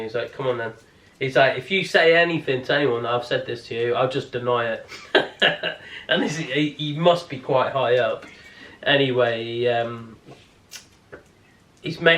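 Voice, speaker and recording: A man's voice: medium pitch, a bit bright. A man spins a long, rambling tale in a casual family vlog, swearing freely and tripping over his restarts. His voice sits in a middle register and carries the echo of a room. He sounds a few steps back from the mic. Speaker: family vlogger. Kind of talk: casual storytime chat. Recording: roomy, distant-mic home recording.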